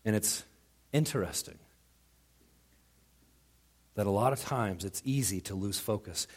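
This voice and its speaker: A man preaching a sermon as pastor, animated and quick to act out what others say, often restarting his words. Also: fairly low pitch. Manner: animated, acts out quoted voices, frequent stammered restarts.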